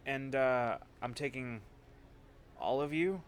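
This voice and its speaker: A man's voice: mid-range voice, takes it slowly, natural voice. A man doing a jittery, stammering delivery driver. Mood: nervous. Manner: stammering, apologetic. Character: nervous male delivery driver, easily cowed.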